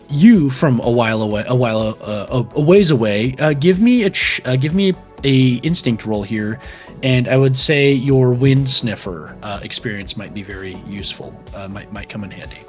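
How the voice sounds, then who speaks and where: A man's voice: medium pitch, animated, moderate pace, faint music behind. A young man as game master, narrating a tabletop game in a rambling way full of fillers.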